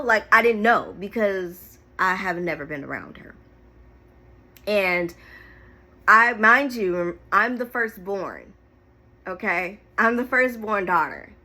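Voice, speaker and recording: A young woman candidly telling an emotional personal story to camera, holding back tears at times. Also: mid-range voice. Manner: emotional, candid, animated retelling. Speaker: storyteller vlogger.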